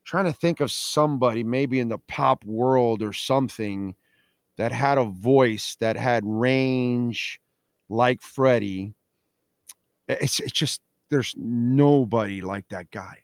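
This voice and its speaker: A man's voice: fairly high pitch, no echo, studio quality. A man hosting a radio show, talking casually and emphatically, often repeating himself as he argues a point. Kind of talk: casual talk radio chat.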